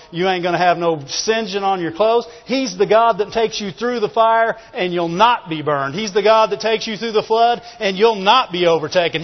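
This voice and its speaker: A man preaching a sermon, calling for amens and often breaking into shouts. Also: high-pitched. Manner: call-and-response, often shouting. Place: church. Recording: reverberant church hall, dull lo-fi sound.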